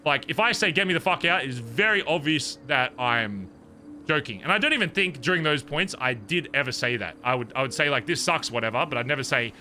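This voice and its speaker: Animated, bright-voiced man venting in character. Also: mid-range voice, a little fast, a little hiss or hum. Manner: heated, profane venting, animated retelling. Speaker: streamer in character. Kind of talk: in-character roleplay conversation.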